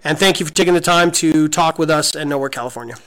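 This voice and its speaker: A man in his forties co-hosting a podcast, telling a story in an excited, gushing way with many restarts. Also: a little high, fast talker, low-quality recording. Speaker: podcast co-host. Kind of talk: casual storytelling chat.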